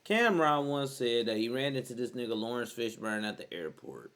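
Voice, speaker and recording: A man's voice: medium pitch, fairly quick. Slangy young man reacting bluntly. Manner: blunt, slangy, excitable outbursts. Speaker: reaction video host. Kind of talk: casual reaction commentary.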